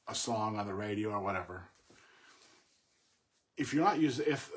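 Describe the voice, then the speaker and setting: A middle-aged man talking casually about a poem he admires, thoughtful and halting, with many fillers and restarts. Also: mid-range voice. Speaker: poet discussing a poem. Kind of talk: casual spoken commentary on poetry.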